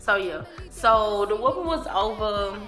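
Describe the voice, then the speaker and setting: A young woman vlogger telling a casual storytime, animated and slangy, cursing freely. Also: mid-range voice, a little slow, soft background music.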